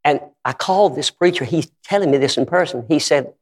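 A man's voice: a little high, fairly quick, husky. A man preaching a storytelling sermon, dramatic and vivid as he tells his stories. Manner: dramatic storytelling with voiced quotes.

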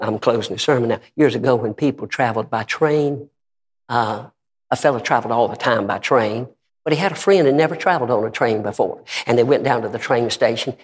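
A man preaching a fervent sermon in a large hall. He bursts into shouted praise and repeats emphatic questions to his listeners. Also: on the high side. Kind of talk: revival sermon. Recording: long reverb of a large hall.

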